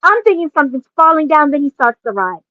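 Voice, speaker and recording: A woman in her forties, a podcast host, casually telling a personal story with lots of laughing and animated asides. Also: sits high, quick pace, no echo, phone-quality sound.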